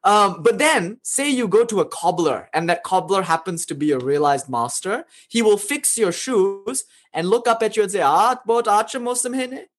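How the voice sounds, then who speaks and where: Man teaching spirituality, lively and chatty. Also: sits high, normal speed, hardly any pauses. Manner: conversational, frequent "you know", chuckles between points. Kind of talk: informal teaching lecture.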